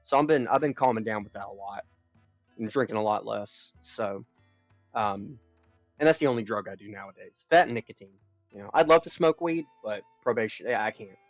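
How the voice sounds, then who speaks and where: A man's voice: on the low side, brisk, dry recording, soft background music. A young man live streaming, telling a long personal story in a rambling, profane, frank way. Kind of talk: casual storytelling chat. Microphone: streaming mic. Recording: dull lo-fi stream audio.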